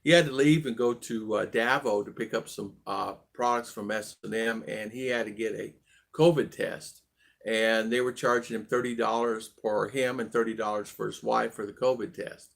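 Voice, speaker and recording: A man's voice: on the low side, steady tone, moderate pace, creaky. A man hosting a casual live video chat, greeting viewers one by one and rambling through stories with many fillers and restarts. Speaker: livestream vlog host.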